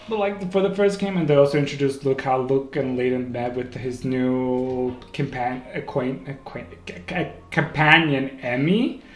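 A man hosting a casual solo podcast, rambling and excitable, often stopping to correct himself, on a home microphone. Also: mid-range voice, moderate pace, hardly any pauses. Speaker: podcast host. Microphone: home microphone, may clip. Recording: echoey room with faint music.

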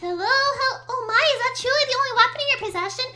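Woman voicing a snooty crab weapons dealer, prim, high bright voice. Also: animated, quick pace, full character voice. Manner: prim and condescending. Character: fussy, snobbish male horseshoe-crab weapons dealer. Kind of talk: reading game dialogue aloud.

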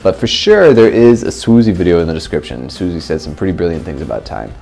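A young man talks through casual self-help advice in a vlog, joking and teasing himself as he goes. His voice sits low but swings widely in pitch. Faint music plays under him. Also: sing-song, quick pace, vocal fry, warm tone. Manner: playful, jokey, self-mocking. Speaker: vlogger.

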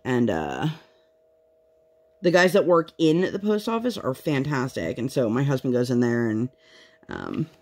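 A woman's voice: rumbling low, very animated, unhurried, long pauses, darkish tone. A woman in her thirties chatting casually at home while she works on a craft project, telling candid stories and now and then putting on voices when she quotes people. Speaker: craft vlogger.

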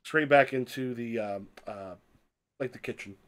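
A man's voice: mid-range voice, measured pace. A man running an improvised tabletop heist game as game master, rambling with lots of fillers as he narrates and voices the people his players meet. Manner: rambling, filler-heavy, shifts between narration and quoted characters.

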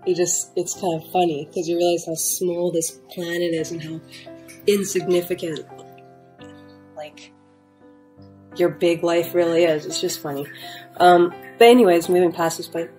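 A young woman tells her story in a loose, rambling way, stumbling over fillers and restarts. Her voice sits a little low and sounds soft and warm. Quiet guitar music plays faintly behind her. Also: steady tone, normal speed, long pauses, low-quality recording. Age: young adult. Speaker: storyteller sharing a near-death experience. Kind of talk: casual first-person testimony. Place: at home.

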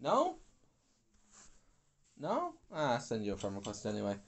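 Grumpy, animated man ranting over a game. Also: mid-range voice, moderate pace, creaky. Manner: grumpy, swearing, rambling asides. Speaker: gaming YouTuber. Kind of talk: casual gameplay commentary.

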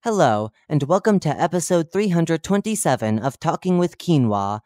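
A reader voicing a cheerful, oblivious male radio talk-show host who chats brightly and drops deadpan dark jokes. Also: medium pitch, normal speed, no echo, studio quality, lightly acted. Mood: chipper. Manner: chipper, chatty broadcast patter with deadpan dark jokes. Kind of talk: horror fiction reading.

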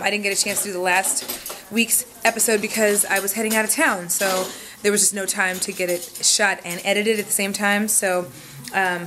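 A woman's voice: medium pitch, fairly bright tone, a little hiss or hum. A woman telling a rambling, profane story in a casual vlog at home, talking straight to the camera. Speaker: vlogger. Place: home room.

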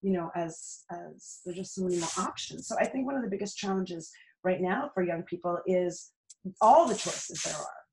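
A woman's voice: on the low side, expressive, moderate pace, a little mellow, a little hiss or hum. Reflective Canadian woman in an echoey room. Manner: reflective, earnest, with many restarts. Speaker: podcast guest. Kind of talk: casual interview conversation.

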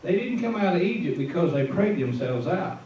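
A man's voice: on the high side, expressive, moderate pace, darkish tone, a little hiss or hum. A man with a Midwestern American accent preaching an informal sermon in a church, telling the story in a folksy way and chuckling at his own asides. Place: church sanctuary. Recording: echoey room, far from the mic.

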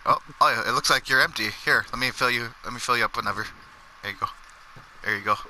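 Brief: a man putting on a deep, polite saloon bartender, soft and unhurried. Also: a little hiss or hum, rough recording. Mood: courteous. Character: smooth low-voiced male bartender serving guests.

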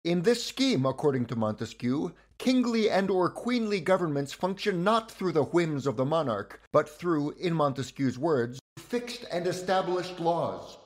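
A man's voice: a little high, animated, normal speed, few pauses. A man giving scripted educational narration about political history, with wry, conversational asides.

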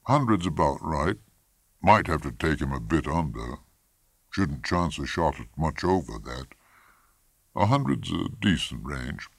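A man's voice: very deep voice, very animated, a little slow, gravelly, slightly rough, no room sound, full character voice. A man reading a story aloud, voicing a curt, confident professional hunting guide who talks in clipped phrases. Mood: brisk. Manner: clipped, terse.

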